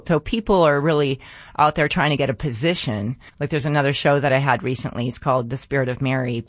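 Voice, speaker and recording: A woman's voice: extremely low pitch, no echo. A woman hosting a faith-based radio talk show, earnest and a little preachy as she draws lessons from scripture.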